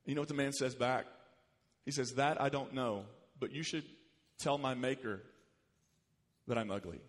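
A man preaching a sermon as pastor, animated, rising in pitch and volume when he quotes scripture. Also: normal speed. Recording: long hall reverb.

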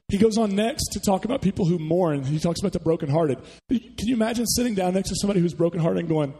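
A man's voice: high voice, fast, few pauses, mellow, slightly rough, in a large hall, poor audio. A man preaching a sermon to a church congregation, talking conversationally and putting questions to the listeners. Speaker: pastor. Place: church sanctuary.

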